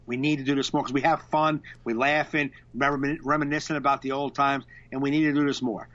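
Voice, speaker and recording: A man's voice: medium pitch, level tone, fairly quick, fairly bright tone, dry recording. A man co-hosting a podcast in casual chat, agreeing often and joking along. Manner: frequent agreeing backchannels, joking. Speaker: podcast co-host. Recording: slightly dull lo-fi mic.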